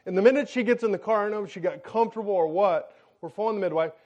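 A middle-aged man preaching a sermon, telling a funny, animated story and acting out the lines of the people in it. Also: high voice, rapid-fire. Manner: animated, jokey storytelling with acted-out quotes. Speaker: pastor.

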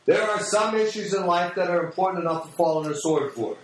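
A man's voice: high voice, brisk. A middle-aged man giving a sermon in a folksy, blunt storytelling way, recorded in a large room. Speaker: preacher. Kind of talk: sermon with personal stories. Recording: echoey, distant hall mic.

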